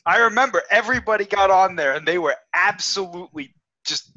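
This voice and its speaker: A man's voice: high voice, sing-song, brisk, creaky, sharp tone. A man co-hosting a casual podcast who talks in a wry, matter-of-fact way. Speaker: podcast co-host. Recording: dull lo-fi podcast audio.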